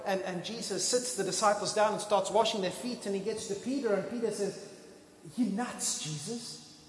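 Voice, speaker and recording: A man preaching a sermon as pastor, lively and conversational, acting out scripture scenes in casual voices. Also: high voice, brisk, slight background noise. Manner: lively, acts out biblical dialogue in casual voices. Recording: long reverb of a large hall.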